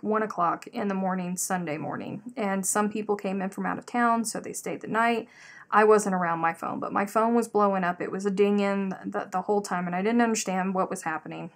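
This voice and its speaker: A woman's voice: mid-range voice, a little fast. A woman in her thirties hosting a live craft stream, chatting casually and reading out viewer comments. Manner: animated storyteller, reads out chat comments. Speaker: livestream host. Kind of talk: casual chat while crocheting.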